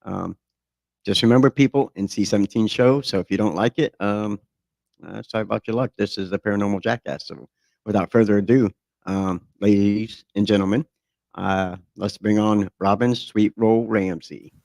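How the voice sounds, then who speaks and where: A middle-aged man with a low, gravelly voice hosts a podcast, joking crudely and swearing freely. His talk is loose and filled with ums and uhs. The sound is close and dry. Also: steady tone, moderate pace, a little mellow, no echo. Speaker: podcast host. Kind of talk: casual, crude chat.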